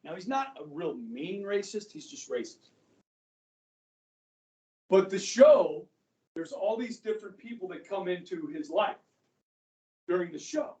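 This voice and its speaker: A man's voice: high voice, very animated, measured pace, pauses often, dark tone. A male history teacher giving a casual, joking classroom lecture and firing rhetorical questions at his students. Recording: echoey classroom, speaker far from the mic.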